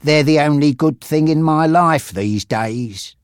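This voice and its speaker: Brief: a man playing a broken, brooding man in a wheelchair, raised pitch, screaming rage, dry sound. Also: measured pace, clear, resonant tone, no room sound, natural voice. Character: bitter disabled man in a wheelchair, brooding, volatile.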